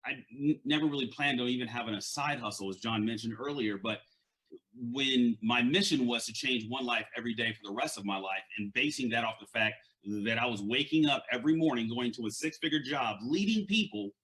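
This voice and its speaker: A man's voice: mid-range voice, fairly quick, a bit bright. Earnest stuttering male coach. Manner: stuttering, repeats words; earnest, conversational. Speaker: leadership and mindset coach. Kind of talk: motivational summit talk.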